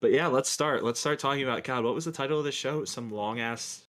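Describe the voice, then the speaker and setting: A man's voice: medium pitch, brisk, a bit bright. A man co-hosting a podcast panel, teasing with dry sarcasm. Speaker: podcast co-host. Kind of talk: casual panel discussion.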